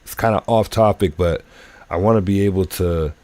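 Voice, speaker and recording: Very deep-voiced man rambling on a livestream. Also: moderate pace, a little mellow, no echo. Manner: rambling, thinking aloud with many fillers. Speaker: livestream host. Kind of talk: casual livestream commentary. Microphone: phone.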